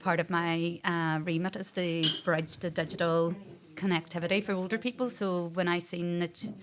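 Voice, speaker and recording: A woman's voice: fairly low pitch, fairly even intonation, normal speed, background noise. A woman, a council coordinator, speaking hesitantly in a casual interview. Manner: hesitant, many "um" and "I think". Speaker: council age friendly coordinator. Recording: background chatter of a group.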